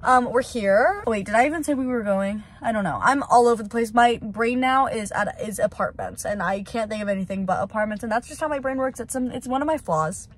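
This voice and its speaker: A woman's voice: on the high side, a little fast, hardly any pauses, rough recording. A young woman talking casually to camera for her vlog, rambling with lots of fillers and laughing often. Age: young adult. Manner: rambling, filler-heavy, giggly. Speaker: vlogger.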